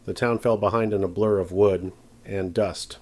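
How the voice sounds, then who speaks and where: A man with a fairly low voice narrates a story in a measured, dramatic style. His delivery stays steady and scripted from line to line.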